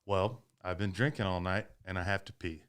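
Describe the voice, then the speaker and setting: Podcast host, man, low and smooth voice, casual and foul-mouthed storyteller. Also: moderate pace. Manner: profane, animated storyteller.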